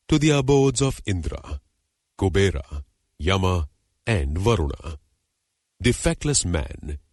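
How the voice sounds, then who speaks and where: A man reading the part of a proud, wronged young woman, a hermit's daughter, in an audiobook legend, with measured, formal, dignified delivery. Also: low voice, breathy edge, no echo, clean studio sound, full character voice.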